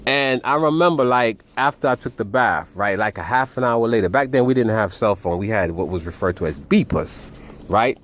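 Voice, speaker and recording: A man telling a personal story in a casual, animated and profane way, often calling his listeners "family". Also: medium pitch, moderate pace. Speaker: vlogger.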